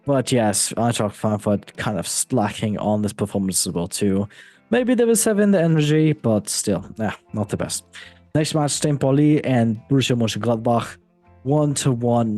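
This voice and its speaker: A man hosting a casual football podcast, reading through scores and tables in a steady run with jokes along the way. His voice is mellow and warm. The recording is dry, with faint music underneath. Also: medium pitch, no room sound. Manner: relaxed, joking, reads results in a steady run. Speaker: podcast host.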